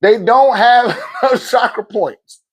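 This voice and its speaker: A man with a fairly high voice talks straight into his phone on a livestream. He preaches in loose, slangy bursts and laughs often as he makes his points. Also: slow, husky. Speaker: livestream host. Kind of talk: casual livestream talk.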